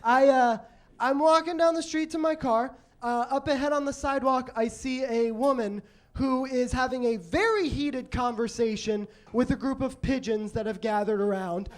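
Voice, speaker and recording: A man telling stories in a stand-up set on a comedy club stage, halting and self-deprecating, with many restarts. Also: very high-pitched. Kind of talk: stand-up storytelling.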